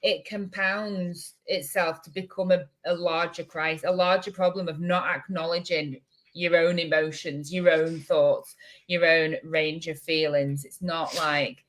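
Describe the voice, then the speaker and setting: A woman's voice: low voice, fairly even intonation, unhurried. A woman co-hosting a casual chat podcast, chatty with lots of fillers, now and then mimicking chirpy voices. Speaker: podcast co-host.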